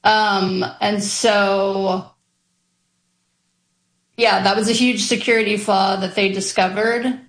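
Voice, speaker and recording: A woman's voice: medium pitch, little pitch movement, slow pace, pauses often, echoey room, poor audio. A woman guest on a radio discussion, explaining thoughtfully with some hesitations. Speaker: guest commentator.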